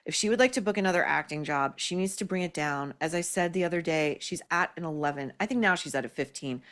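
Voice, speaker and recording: A woman's voice: deep voice, fast talker, fairly bright tone. A woman hosting an opinion show, blunt and scathing in her sarcastic commentary. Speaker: podcast host.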